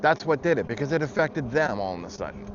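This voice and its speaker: Speaking quickly in a sing-song, medium-pitched voice, a man vlogs a furious political rant, blunt and full of swearing. The audio is muffled, with heavy traffic noise.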